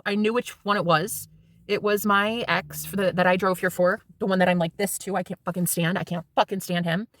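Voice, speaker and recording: A woman's voice: mid-range voice, fairly bright tone, no echo. A woman in her thirties telling a rambling, casual story to her vlog viewers and swearing freely. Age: 30s. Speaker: spiritual vlogger.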